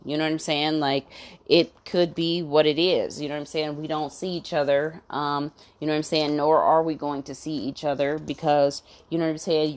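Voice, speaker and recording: Blunt, swearing woman venting, lowish voice. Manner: blunt, swears a lot, keeps saying 'you know what I'm saying'; fired up and indignant. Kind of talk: profane venting rant.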